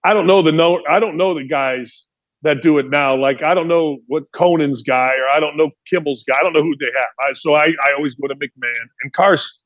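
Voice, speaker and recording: A man's voice: a little high, brisk, fairly bright tone, lo-fi sound. A man from Indiana hosting a sports talk show, delivering an emphatic opinion monologue full of rhetorical questions.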